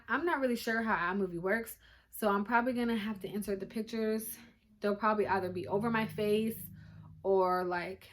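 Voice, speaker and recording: A young woman casually telling her birth story to viewers, chatty and emotional, recorded on a phone at home. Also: mid-range voice. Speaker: vlogger. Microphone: phone camera.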